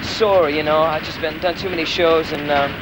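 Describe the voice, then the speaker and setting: A hoarse man speaks haltingly, sounding worn out, his voice sitting fairly high. Loud wind and engine noise batter the microphone. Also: fairly even intonation. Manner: tired, halting. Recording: windy outdoor archive clip.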